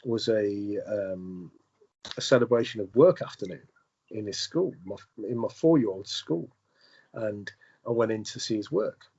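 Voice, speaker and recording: A man, a podcast guest, telling a personal story in a halting way, with many restarts and repeated words. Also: on the low side, creaky, dark tone, breathy edge, muffled recording. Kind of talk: conversational storytelling.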